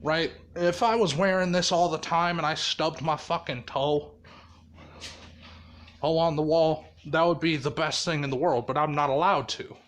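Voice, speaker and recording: A man's voice: on the high side, steady tone, normal speed, fairly bright tone. A man casually telling a fan story, rambling and swearing, with frequent laughter. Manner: rambling, profane, laughs often.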